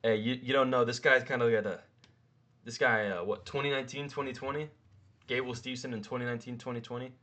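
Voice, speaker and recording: A man talks in a loose, rambling way and swears freely. His voice sits at an ordinary middle pitch but jumps up sharply when he stresses a point. He sounds like someone giving casual commentary to an online audience. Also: steady tone, fast talker, pushed and bright. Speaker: mma commentary host. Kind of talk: casual profane ranking commentary.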